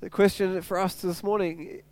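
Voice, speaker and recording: Male pastor, higher voice, clear and smooth delivery, earnest sermon with repeated phrases. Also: little pitch movement, normal speed, a little mellow, dry recording.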